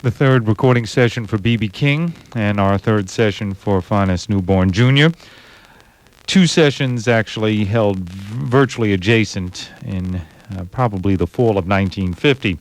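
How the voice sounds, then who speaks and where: A man hosting a radio program, giving measured, thoughtful commentary on old recordings with frequent pauses and hesitations. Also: on the low side. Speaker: radio host. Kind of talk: radio jazz history commentary.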